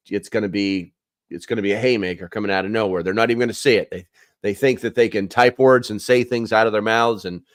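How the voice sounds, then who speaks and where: A man's voice: lowish voice, no room sound, clean studio sound. A man hosting a prepper channel, rambling through the news with sarcastic asides and lots of filler words. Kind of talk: casual news commentary.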